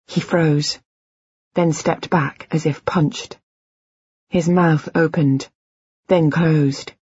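A woman narrating a novel in the first person, measured and quiet. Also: low voice, steady tone, husky, no echo, muffled recording. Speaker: audiobook narrator.

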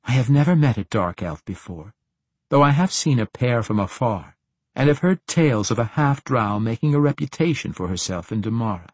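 A man's voice: medium pitch, lively intonation, moderate pace, darkish tone, breathy edge, dry recording. A man voicing an earnest, curious female army commander in an audiobook, speaking eagerly. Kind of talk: audiobook character reading.

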